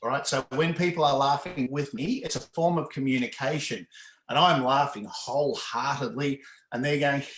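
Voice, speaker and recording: A man leading laughter exercises in an interview, explaining in an animated way and breaking into hearty laughs. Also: medium pitch, normal speed. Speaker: laughter yoga facilitator. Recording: roomy echo.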